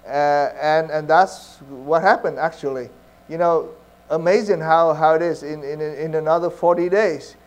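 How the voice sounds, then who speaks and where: A man's voice: fairly high pitch, steady tone, measured pace, darkish tone. A man preaching a sermon in an earnest, conversational way, with many fillers and restarts. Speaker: pastor.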